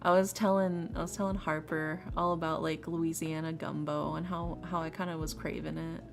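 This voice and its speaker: A woman's voice: sits low, little pitch movement, moderate pace, creaky. A woman from Texas chatting casually with her viewers while she streams tarot readings. She has an easygoing, rambling way of talking and often restarts words. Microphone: desk mic on a live stream. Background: faint lofi music.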